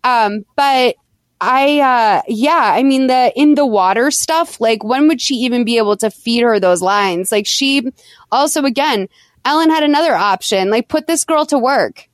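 Woman, podcast host, higher voice, dry close sound, animated retelling. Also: normal speed, no room sound. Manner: chatty, animated retelling with acted quotes. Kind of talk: casual chat recapping a movie.

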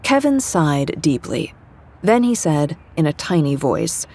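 Husky-voiced woman narrating an audiobook. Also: low-pitched, very animated, measured pace, darkish tone. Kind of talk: first-person fiction narration.

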